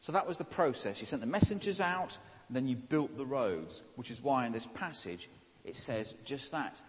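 A man's voice: mid-range voice, lively intonation, normal speed. Male preacher, chatty and jokey, asks the room questions, long hall reverb. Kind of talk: sermon. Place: church hall.

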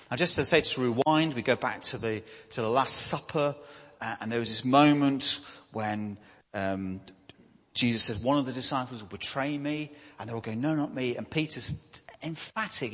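A man preaches in a church and talks to the congregation as if chatting, often asking "isn't it?" and "don't we?". His voice is somewhat husky. A long reverb from the large hall follows his words. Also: mid-range voice, fairly bright tone. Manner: conversational, with tag questions. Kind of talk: sermon.

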